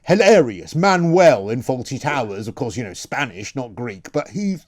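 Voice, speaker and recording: A male radio host talks from a dry, close studio mic. His pitch rises and falls widely as he throws out rhetorical questions, stumbling over words now and then. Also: sing-song, moderate pace, no room sound. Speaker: radio talk show host. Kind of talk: opinion radio discussion.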